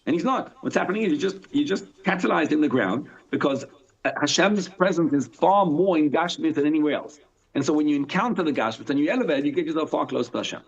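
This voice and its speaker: A man, a rabbi, teaching a live Torah class in an animated way, asking and answering his own questions and reading Hebrew text aloud. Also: on the high side, fast, husky. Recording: dull lo-fi sound.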